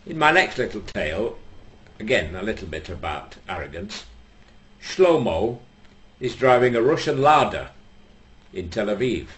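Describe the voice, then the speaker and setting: A male comedian telling stand-up jokes in a somewhat low voice. He tells his stories dry and unhurried and drops in mock-solemn asides. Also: fairly bright tone.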